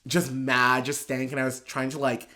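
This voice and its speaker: A man guest on a chat show, telling a casual story in an excitable, gushing way with many fillers. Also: medium pitch, moderate pace. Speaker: podcast guest, drag performer.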